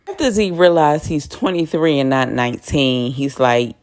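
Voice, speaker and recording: A woman's voice: deep voice, lively intonation, normal speed, hardly any pauses. A woman hosting a casual TV recap, blunt and profane, laughing often as she talks. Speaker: TV recap host.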